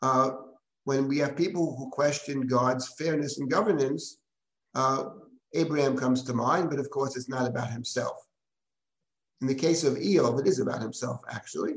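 A man's voice: medium pitch, moderate pace. Man, rabbi, live text-study lecture, reads and translates verses, echoey room. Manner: reads Hebrew verses then translates and explains, with restarts. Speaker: rabbi teaching a Bible class. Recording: roomy echo.

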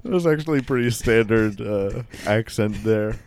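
A man's voice: lowish voice, moderate pace, a little mellow, slight background noise. A man on a prank call, playfully teasing the others and laughing. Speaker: prank caller. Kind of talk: comedic phone prank banter.

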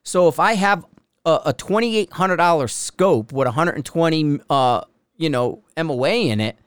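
Man, casual podcast monologue, smooth clear voice, slightly higher pitch, dry close mic. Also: lively intonation, moderate pace, no room sound. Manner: rambling, laughs often, acts out quoted exchanges. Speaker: podcast host.

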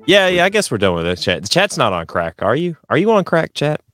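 A man's voice: fairly high pitch, huge pitch swings, brisk, a bit bright, no echo, studio quality, soft background music. A man co-hosting a podcast in casual chat, joking and ribbing with rambling asides. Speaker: podcast co-host.

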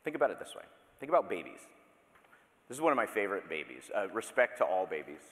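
Casual preacher in a big reverberant hall. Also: male voice, on the low side, sing-song, fast. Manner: conversational, self-interrupting, playful asides. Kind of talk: sermon. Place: church sanctuary. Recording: long reverb of a large hall.

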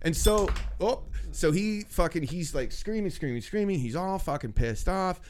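A man's voice: sits high, normal speed. A man working a comedy club door, telling a rambling, profane story and acting out the people in it. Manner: profane, animated, acts out quotes. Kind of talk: casual storytelling.

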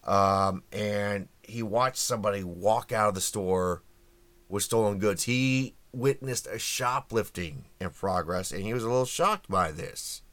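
A man's voice: on the low side, unhurried, a bit bright, dry recording. A man hosting a podcast, giving a casual opinionated monologue on the news with plenty of ums and uhs. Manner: wry, opinionated, many fillers. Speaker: podcast host. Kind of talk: casual political commentary monologue.

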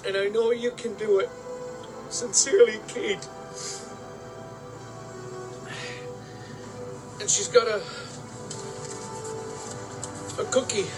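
A man's voice: high voice, rough recording. A man in a casual video message, emotional and choked up as he reads aloud a child's note.

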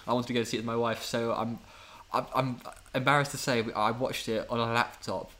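A man's voice: medium pitch, little pitch movement, sharp tone. A young man co-hosting a casual podcast chat, rambling and stumbling over restarts. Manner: rambling, halting restarts, chatty. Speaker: podcast co-host.

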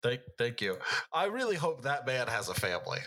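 A man co-hosts a casual podcast in a mid-pitched, ordinary voice. He teases his partner and drops wry remarks, laughing often between lines. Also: sing-song, fairly quick, sharp tone. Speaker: podcast co-host. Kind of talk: casual chat.

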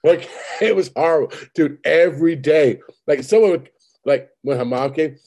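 Husky, profane man chatting casually. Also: on the high side, big pitch swings, moderate pace, darkish tone. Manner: profane, rambling storyteller. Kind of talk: casual chat.

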